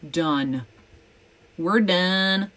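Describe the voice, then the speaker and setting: A woman's voice: lowish voice, extremely slow, fairly bright tone. A woman chatting casually on a livestream while signing items, playful and breaking into little bits of song. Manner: playful, sings and hums bits while working. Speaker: guest doing a live signing.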